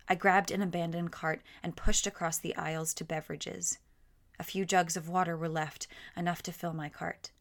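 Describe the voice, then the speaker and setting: A woman narrating a first-person story in a steady, measured voice, dropping to a quiet tone in tense passages. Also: lowish voice, vocal fry. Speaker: audiobook narrator.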